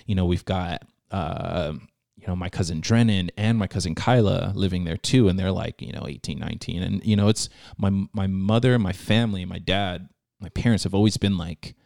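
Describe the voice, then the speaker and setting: A young man tells a personal story in an easygoing, slangy way, full of fillers and restarts and earnest with feeling. His voice sits very low with a gravelly fry. The sound is dry and close, with no room around it. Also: a little mellow, no echo. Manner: earnest and emotional when telling the story. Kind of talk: casual storytelling in a podcast chat.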